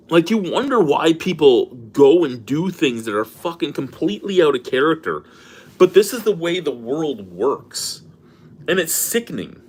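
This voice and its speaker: A man's voice: a little high, sing-song, moderate pace, darkish tone, breathy edge. A middle-aged man in an angry personal rant, swearing and exasperated as he vents. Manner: profane, exasperated, venting. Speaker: beer review vlogger.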